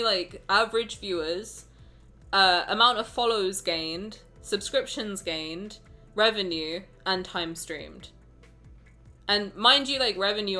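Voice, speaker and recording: A young woman with a mid-range voice talks casually with her live-stream viewers, excitable and full of exclamations, cursing now and then. She sounds emotional and on the verge of tears, and faint music can be heard behind her.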